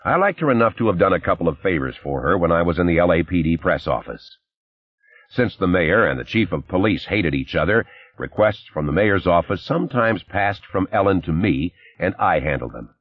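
A man reading a first-person crime novel aloud in a measured, understated way. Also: deep voice, expressive, no room sound. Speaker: audiobook narrator. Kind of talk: scripted first-person narration. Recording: slightly dull, dry recording.

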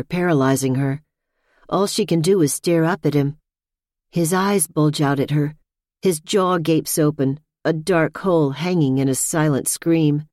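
Woman reading a thriller audiobook, low dark voice, dry close mic. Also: no echo. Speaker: audiobook narrator. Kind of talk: scripted narration.

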